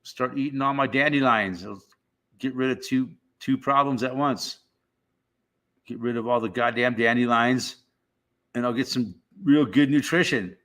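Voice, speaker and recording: Man, middle-aged, live streamer, casual rambling chat, profane, bright voice. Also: mid-range voice, normal speed. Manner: rambling, profane, laid-back.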